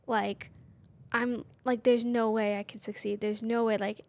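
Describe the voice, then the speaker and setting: A woman's voice: on the high side, little pitch movement, a little slow, darkish tone. Young woman chatting candidly, full of fillers. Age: 20s. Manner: candid, personal, constant "like" fillers. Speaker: podcast co-host. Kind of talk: casual chat.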